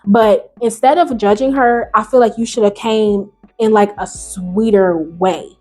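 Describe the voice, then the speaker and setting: A woman hosting a video, reading online stories aloud and reacting in animated, slangy, casual talk, jumping between loud high bursts and low mutters. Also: measured pace, faint music behind. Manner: animated, slangy, talks back to the story. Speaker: YouTube host.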